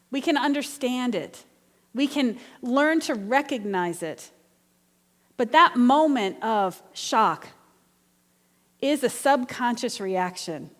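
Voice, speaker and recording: A woman's voice: fairly high pitch, a bit bright, big-room sound. A woman minister delivering an earnest, conversational sermon with personal storytelling. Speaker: guest minister. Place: church sanctuary.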